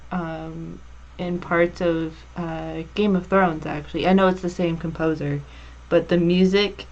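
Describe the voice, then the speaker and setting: A woman's voice: lowish voice, slight background noise. A woman hosting a TV review chat, hesitant and searching for her words. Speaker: show host. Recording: dull lo-fi audio.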